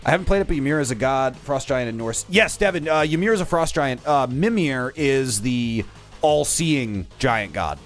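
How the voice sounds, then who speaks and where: A man's voice: mid-range voice, lively intonation, moderate pace. A man streaming a game, chatting casually with viewers in playful, teasing, mock-insulting banter, with music playing behind him.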